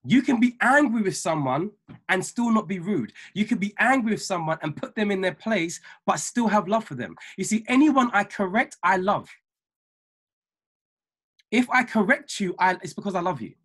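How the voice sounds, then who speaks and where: A man with a husky, slightly breathy voice preaches over a video call. He speaks emphatically as a minister and mentor, repeating key lines slowly so listeners can take notes. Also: high voice, animated, a bit bright. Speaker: ordained minister and trading mentor. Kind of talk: motivational talk on a weekly call.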